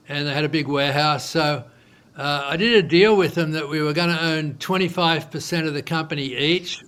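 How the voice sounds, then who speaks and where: A man with a fairly high, smooth voice tells his business story casually in an interview. He's an entrepreneur guest whose loose speech is full of fillers, and he animates the tale by acting out quoted dialogue.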